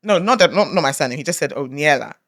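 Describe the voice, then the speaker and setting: A woman's voice: low-pitched, lively intonation, quick pace. Young woman gospel singer telling a story, laughs a lot, acts out the quotes. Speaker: guest, gospel recording artist. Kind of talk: casual chat.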